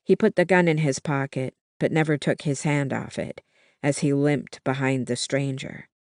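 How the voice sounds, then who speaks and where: An audiobook narrator giving steady, measured first-person novel narration. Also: medium pitch, dry recording, studio quality.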